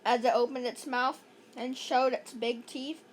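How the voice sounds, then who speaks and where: Slow, high-voiced woman reading a kids' book. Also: fairly even intonation, very noisy. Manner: playful, adds jokey asides. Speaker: narrator. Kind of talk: reading a children's chapter book aloud.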